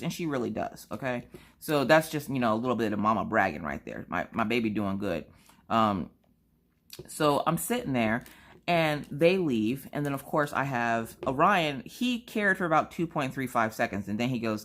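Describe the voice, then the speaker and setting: A mother vlogging at home at night, retelling her family's day in an animated, dramatic way, often tagging "okay?". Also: deep voice, normal speed. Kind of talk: casual storytelling to camera.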